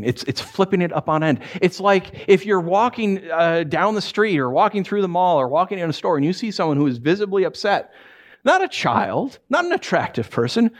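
Animated conversational male pastor. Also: high voice. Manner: conversational, animated preaching with many fillers and self-corrections; swings into acted quotes and wry humor. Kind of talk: sermon.

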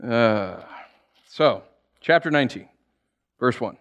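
A male pastor preaching a sermon in an animated, jokey way, acting out the people in his stories. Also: fairly high pitch, moderate pace.

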